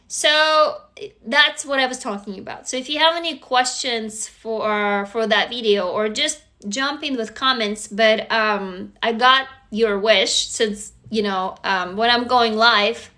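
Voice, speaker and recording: A woman with a Russian accent hosts a casual phone livestream, chatting with viewers. Her voice is slightly high and very bright. She talks freely and swears now and then. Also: takes it slowly. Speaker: livestream host. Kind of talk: casual live-stream chat.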